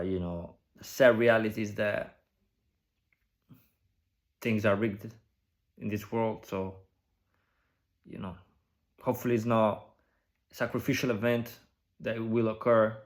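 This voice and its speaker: A man giving casual, speculative commentary on a video, musing through a list of phrases with many pauses and frequent "you know" and "right?" asides. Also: on the low side. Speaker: video creator decoding an advertisement.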